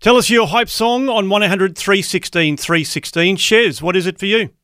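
A man's voice: high voice, normal speed, noisy background. An Australian man co-hosting a breakfast radio show, easygoing and self-deprecating. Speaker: radio co-host.

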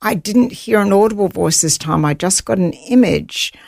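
A woman's voice: mid-range voice, normal speed, creaky, a little mellow, no echo, clean studio sound. A woman guest in an interview, earnestly telling a personal story and voicing her own thoughts aloud.

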